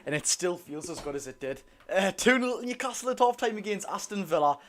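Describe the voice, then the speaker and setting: A man with a Geordie accent chatting excitedly to his viewers during a live football watch-along. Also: high-pitched, fairly quick. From North East England. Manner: chatty, excitable, keeps addressing the lads. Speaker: football fan streamer.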